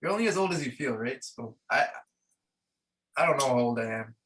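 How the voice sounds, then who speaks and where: A young man in his twenties chats on a podcast in an easygoing way, mostly with short replies. His voice is bright and forceful at an average male pitch. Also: expressive, fairly quick, poor audio. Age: 20s. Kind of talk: casual chat.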